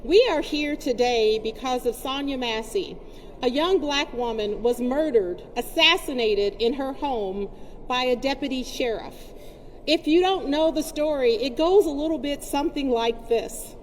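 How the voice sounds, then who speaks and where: A high-voiced woman delivers a forceful, indignant speech to a gathered crowd, pressing her points through repetition. Her voice rings with a long reverb, and faint noise sits underneath. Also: a little slow. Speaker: community advocate speaking at a press conference. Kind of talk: impassioned public speech.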